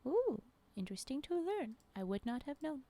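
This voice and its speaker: Mellow-voiced woman streamer, playful and chatty. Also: high-pitched, very animated, moderate pace. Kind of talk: casual chat while gaming.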